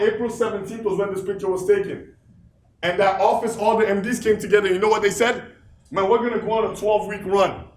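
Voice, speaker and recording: A man with a high voice gives a motivational speech in an echoey meeting room. He keeps firing rhetorical questions at the crowd and repeats key lines for emphasis. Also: slight background noise. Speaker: office leader giving a motivational talk.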